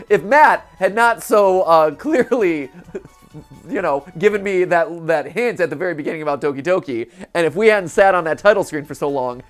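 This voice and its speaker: Excitable woman playing a video game. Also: fairly low pitch, normal speed, faint music behind. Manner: excitable, laughing, lots of restarts. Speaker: gaming show host. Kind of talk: let's play commentary.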